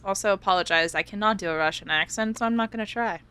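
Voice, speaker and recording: A woman hosting a horror game let's-play, loud and joking, swearing freely and reading the game's text aloud. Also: medium pitch, fast talker, hardly any pauses, clean tone. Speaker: gaming channel host. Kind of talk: casual let's-play commentary.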